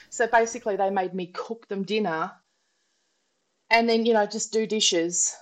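A middle-aged Australian woman with a mid-range voice co-hosts a casual chat podcast from a holiday abode abroad, at a moderate pace and in a rough recording. An animated storyteller, she recounts holiday tales, acting out voices and laughing often.

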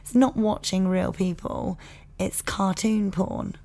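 A woman's voice: mid-range voice, fairly even intonation, slow, vocal fry, mellow. A woman co-hosting a podcast in casual chat, rambling and self-deprecating, sitting back from the mic in a home cinema room. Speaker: podcast co-host. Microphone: sitting back from the microphone.

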